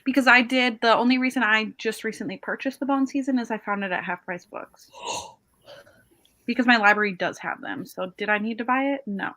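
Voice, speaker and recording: Young woman, host of a reading chat over a video call; bright, chatty, quick to laugh at herself. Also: a little high. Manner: chatty, laughs often, self-deprecating. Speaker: host of a reading sprint stream. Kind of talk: casual chat.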